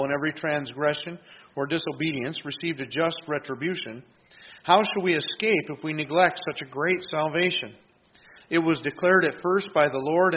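A man's voice: on the high side, lo-fi sound, slight background noise. A man preaching a conversational sermon, earnest and plain-spoken, teaching with frequent restarts. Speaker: pastor.

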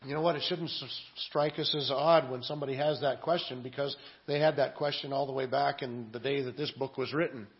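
A man's voice: mid-range voice, steady tone, a little fast, hardly any pauses. Earnest preacher man, lo-fi audio. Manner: earnest preaching, swings from quiet asides to loud emphatic scripture reading. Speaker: pastor. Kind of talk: sermon.

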